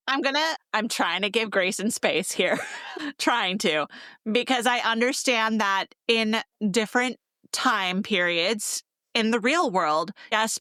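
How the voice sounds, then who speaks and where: A woman co-hosting a podcast in casual chat, reacting with shock and loud swearing. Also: mid-range voice, no room sound. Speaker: podcast co-host.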